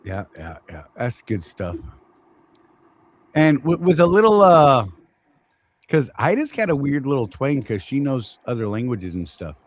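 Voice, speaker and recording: A man's voice: mid-range voice, sing-song, measured pace, a little hiss or hum, rough recording. Joking Southern man hosting a live chat. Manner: joking, rambling, teasing. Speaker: show host. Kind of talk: casual live-stream chat.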